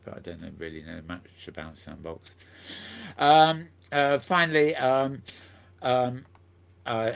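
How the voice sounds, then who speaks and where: A man's voice: lowish voice, fairly bright tone. A man hosting a casual news roundup, rambling along with plenty of self-corrections and frequent chuckles. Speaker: show host.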